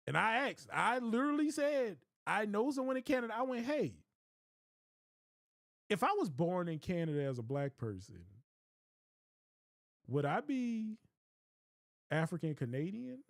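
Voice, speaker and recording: High-voiced man ranting emphatically. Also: big pitch swings, measured pace, creaky, pauses often, no room sound, studio quality. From United States. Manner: emphatic, repeats points for weight. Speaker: live streamer. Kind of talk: casual ranting monologue.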